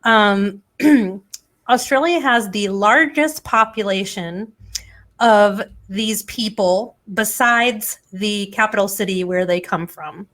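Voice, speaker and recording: A woman's voice: medium pitch, slow pace, fairly bright tone. A woman hosting a casual chat show, joking around and quizzing her co-hosts with trivia. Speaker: podcast host.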